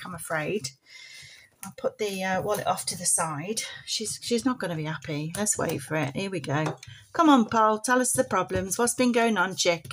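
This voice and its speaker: A woman's voice: mid-range voice, fairly bright tone, slight background noise. A woman chatting homely and casually to viewers on a budgeting vlog. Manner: chatty, homely, affectionate terms like bab and chick. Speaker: budgeting vlogger.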